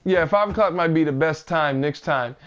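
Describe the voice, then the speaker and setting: A man's voice: fairly high pitch, normal speed, a little hiss or hum. A man hosting a casual gaming podcast, repeating himself and laughing as he wraps up with his guests. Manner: repeats words, laughs often, hypes guests. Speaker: podcast host.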